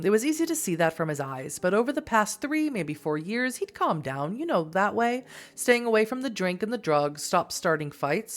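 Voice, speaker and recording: A woman reading as a rambling old Irish man. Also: fairly low pitch. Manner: rambling, regretful.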